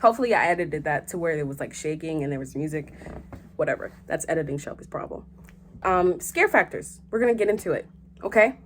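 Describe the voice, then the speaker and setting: A young woman hosting a vlog in casual chat, animated and joking, with frequent swearing. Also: sits low, a little fast, a little hiss or hum. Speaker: host.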